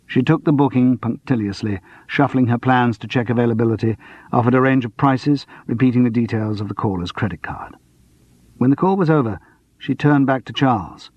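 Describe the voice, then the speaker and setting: Husky male audiobook narrator. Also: mid-range voice, animated, a little fast, darkish tone. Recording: dull lo-fi dry audiobook recording.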